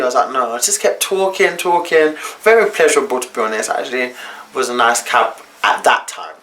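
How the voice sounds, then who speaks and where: A man's voice: mid-range voice, lively intonation, a little fast, fairly bright tone. A young man telling a personal story to camera in a casual, slangy, candid way. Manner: chatty, slangy, candid retelling. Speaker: vlogger.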